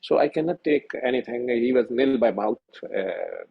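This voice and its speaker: A middle-aged man from Pakistan, a senior physician telling a personal story over a video call, halting and earnest with many fillers and restarts. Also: mid-range voice, expressive, creaky, slightly rough, muffled recording.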